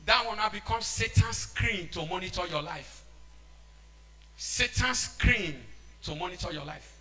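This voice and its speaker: Shouting Nigerian preacher, bright voice. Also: male voice, high voice, measured pace, soft background music. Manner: shouting preacher mixing English and Pidgin. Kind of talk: sermon.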